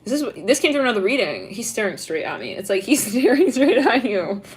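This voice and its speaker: A woman's voice: a little high, big pitch swings, fairly quick, slight background noise. Giggly rambling young woman tarot reader. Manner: giggly, rambling, heavy use of "like". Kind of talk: casual tarot reading.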